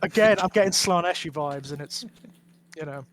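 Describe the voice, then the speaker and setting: A higher-voiced man trades banter on a casual podcast. He laughs easily and teases his co-host. His speech is loose, with a chatty rhythm. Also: normal speed. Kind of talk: casual chat.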